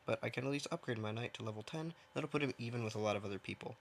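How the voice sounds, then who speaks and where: A man giving casual, rambling commentary while he plays a game, mocking himself and thinking out loud from his own dim room. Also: mid-range voice, racing, gravelly, slight background noise. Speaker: gaming streamer.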